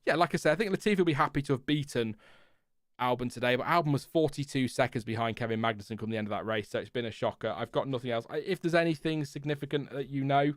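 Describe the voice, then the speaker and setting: A man's voice: mid-range voice, quick pace, no room sound, clean studio sound. A man hosting a casual live race reaction stream, rambling with fillers and reading out chat messages. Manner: chatty, rambling, lots of fillers and restarts, reads chat aloud. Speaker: F1 livestream host.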